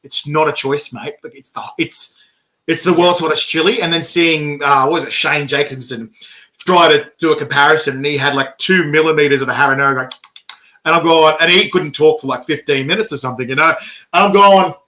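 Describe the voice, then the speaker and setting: A man interviewing a guest in casual chat, telling animated stories and laughing often. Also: a little high, a little fast, slight background noise.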